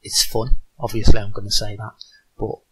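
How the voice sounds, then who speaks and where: A man guest on a podcast, talking casually about designing a board game, halting with many ums and restarts. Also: fairly low pitch, level tone, fairly bright tone, husky, low-quality recording.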